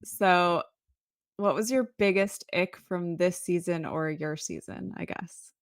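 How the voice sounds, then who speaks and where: A woman's voice: fairly low pitch, slow, no room sound, clean studio sound. A woman co-hosting a podcast in casual chat, upbeat and laughing often. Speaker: podcast co-host.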